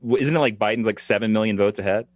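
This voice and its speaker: A man's voice: fairly low pitch, quick pace, no room sound, studio quality. A man talking as a guest in a casual chat, making his points emphatically with many asides. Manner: emphatic, lecturing, full of asides.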